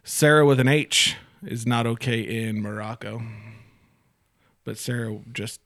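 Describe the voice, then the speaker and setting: A man's voice: mid-range voice, a little slow, a bit bright, no room sound, studio quality. A man hosting a casual chat, reading items off a list, laughing often and swearing casually.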